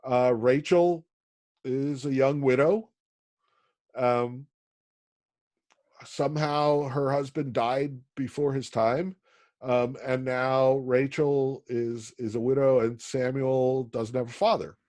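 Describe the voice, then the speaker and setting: A man from Pennsylvania teaching an online college class, talking in a halting way with many ums and restarts. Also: mid-range voice, steady tone, a little mellow, no echo. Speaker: college instructor.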